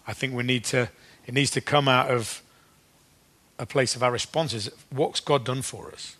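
A man's voice: mid-range voice, fairly bright tone. Man preaching in a conversational way. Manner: conversational, with fillers and restarts, slowing for scripture readings. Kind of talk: sermon.

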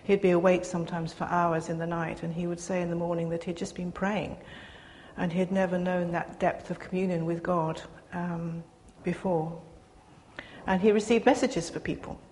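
An older woman giving a personal testimony to a gathering, speaking earnestly with pauses and restarts. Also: lowish voice, level tone, a little mellow. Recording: reverberant hall, faint background noise.

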